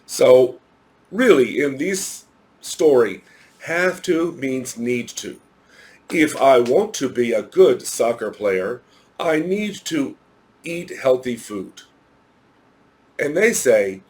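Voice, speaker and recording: A man's voice: medium pitch, animated, slow, long pauses, darkish tone. A man teaching English to children in a recorded lesson, explaining patiently with repeated examples.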